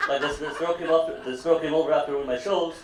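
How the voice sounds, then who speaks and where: A man's voice: a little high, steady tone, fast. Rambling crude male stand-up comic, roomy. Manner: crude, rambling, heavy on "you know what I mean". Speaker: stand-up comedian. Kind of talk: live stand-up set. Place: live comedy venue with audience. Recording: roomy, distant mic, loud background noise.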